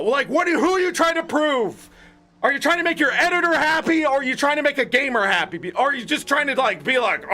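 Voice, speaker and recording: High, bright-voiced man on a profane rant. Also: animated, a little fast. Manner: profane, exasperated ranting; loose, rambling with filler words. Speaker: gaming channel host. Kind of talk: ranting commentary.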